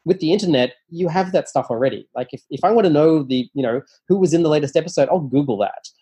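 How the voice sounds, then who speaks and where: A man appears as an interview guest, a nonfiction author telling stories casually and quickly in a soft, husky, fairly high voice. He's chatty and animated, full of fillers and restarts, and often acts out quoted dialogue in a raised voice.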